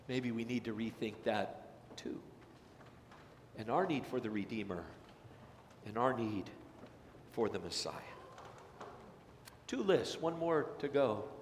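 A man preaching a sermon as pastor, dramatic, acting out quoted voices and swinging between loud and soft. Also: medium pitch, a little hiss or hum. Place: church sanctuary. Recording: echoey hall with long reverb.

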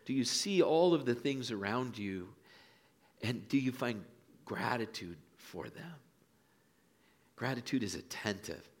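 A pastor preaching a sermon in a church, telling folksy stories and dropping to hushed lines for emphasis. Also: male voice, medium pitch, expressive, unhurried, pauses often, husky. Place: church sanctuary.

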